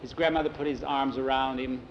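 A man tells a story aloud from memory, steady and unhurried, with an ordinary voice. He keeps tagging lines with "he says" and sometimes trips over a word and starts again. The recording sounds a little dull, with a faint hum of air conditioning behind him. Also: medium pitch. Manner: plain, unhurried telling with many "he says" tags and small restarts. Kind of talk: oral storytelling, told from memory.

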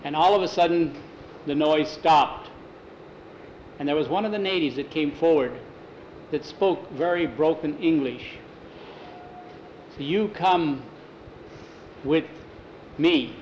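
A man telling an adventure story aloud in a relaxed, homespun way, sometimes correcting himself mid-sentence. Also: a little high, unhurried, pauses often. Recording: roomy, dull lo-fi, faint hiss.

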